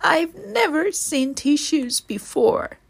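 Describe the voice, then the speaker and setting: A woman's voice: high-pitched, lively intonation, slow, vocal fry, pitched above the performer's own voice, exaggerated voice. A woman voicing a frightened, tearful young boy in a storybook reading, plaintive and sniffling.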